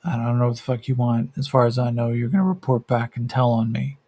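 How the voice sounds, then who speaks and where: A man's voice: mid-range voice, fairly even intonation, quick pace, warm tone, breathy edge. A man voicing a foul-mouthed, wounded human warrior who is blunt and suspicious. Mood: wary irritated.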